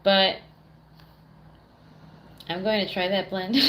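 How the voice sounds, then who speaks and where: A woman's voice: medium pitch, drawn-out words, very noisy. A young woman chatting on a live stream in a mid-range voice. She reads out chat questions and swears freely as she rambles. She laughs often.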